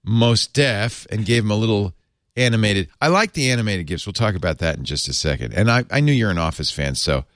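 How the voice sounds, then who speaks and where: Deep, lively-voiced man, wry and joking. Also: fairly quick, no room sound, studio quality. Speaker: podcast co-host. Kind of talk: casual tech chat.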